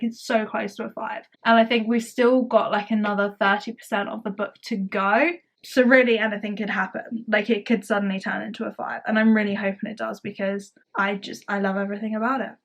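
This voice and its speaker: A woman chatting casually to camera as a book vlogger, gushing and rambling with lots of "like". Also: mid-range voice.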